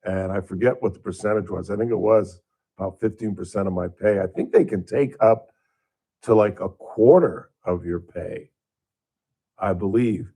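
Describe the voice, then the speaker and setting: A man's voice: fairly low pitch, moderate pace, mellow, husky. A man hosting a talk radio show, chatting casually and bluntly, wandering off topic and back.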